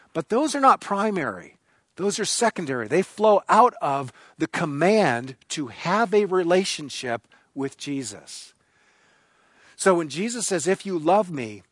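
A man's voice: a little high, no echo. A man preaching a sermon, emphatic and repeating key phrases for stress. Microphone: recorded for online viewers.

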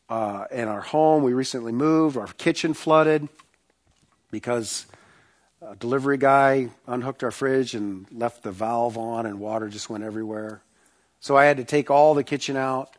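A man preaching a sermon, telling a personal story with animated bursts, quiet asides and rhetorical questions to the congregation. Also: mid-range voice, measured pace. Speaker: pastor.

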